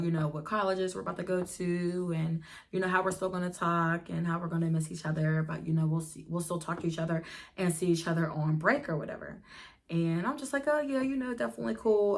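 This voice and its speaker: A young woman vlogger telling a storytime in a chatty, animated way, talking straight to her viewers. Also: lowish voice. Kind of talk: casual storytime.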